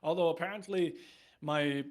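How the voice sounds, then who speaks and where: A young esports caster appears as a guest in a casual chat, playful and laughing often as he talks. His voice is a little high, at a moderate pace.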